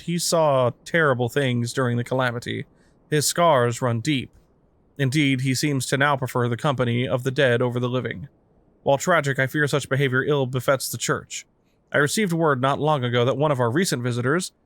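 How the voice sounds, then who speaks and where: A man reading aloud the lines of a gentle woman priest in a fantasy game, in a plain, even voice. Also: medium pitch, moderate pace, no echo, close to an everyday voice. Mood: earnest. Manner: reads quest text aloud in a plain, even voice.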